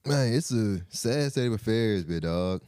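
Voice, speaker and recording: A man's voice: lowish voice, lively intonation, a little slow, warm tone, clean tone, no room sound. A man co-hosting a podcast in casual chat, slangy and cracking dry jokes. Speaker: podcast co-host.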